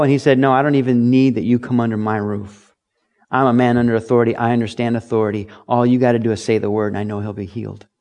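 A middle-aged man preaching a sermon with an easy, conversational delivery. His voice sits at an ordinary middle pitch. He slips into quoted voices and reads scripture aloud. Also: darkish tone. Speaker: pastor.

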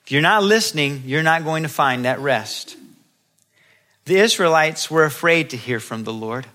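A man preaches with a voice a little above the usual male pitch. He acts out the voices in his examples, rising into loud exclamations and then dropping to near whispers. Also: lively intonation, normal speed. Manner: acts out quoted voices, swinging between loud and hushed. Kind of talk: sermon.

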